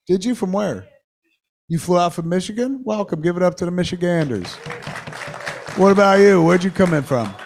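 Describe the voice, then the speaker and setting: An excitable man hosts a live podcast from a cinema stage, talking in a fairly high voice with a gravelly, creaky edge. He swears often and works the crowd with quick questions. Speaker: podcast host. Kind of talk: live podcast chat with an audience.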